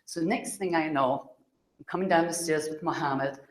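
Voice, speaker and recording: A woman's voice: deep voice, moderate pace. A middle-aged woman from Scotland, a spiritual speaker who tells stories to a live audience. She acts out the dialogue in her stories and laughs often. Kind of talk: storytelling talk to a live audience. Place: room with an audience. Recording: roomy, echoey hall sound.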